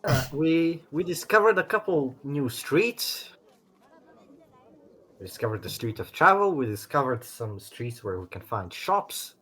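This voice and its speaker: A young man co-hosting a let's play, relaxed and casually swearing as he recaps the story. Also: mid-range voice, a little slow, breathy edge. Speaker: co-player.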